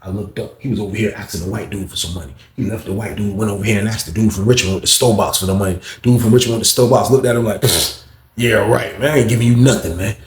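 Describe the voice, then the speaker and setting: A man telling a prison story casually, acting out other voices and getting loud when excited. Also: very fast, hardly any pauses. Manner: acts out other people's voices, jumps high when excited. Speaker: storyteller recounting prison life. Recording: echoey room.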